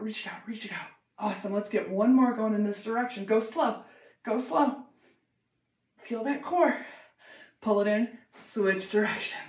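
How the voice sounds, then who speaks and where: A woman fitness instructor leading a workout class, encouraging and giving short commands. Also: medium pitch. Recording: dull roomy sound, mic at a distance.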